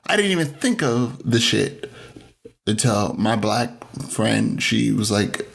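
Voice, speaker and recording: A man's voice: lowish voice, slow pace, vocal fry. A man co-hosting a podcast, telling stories in casual chat, acting out quoted voices and swearing freely. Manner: animated, acts out quoted voices. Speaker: podcast co-host.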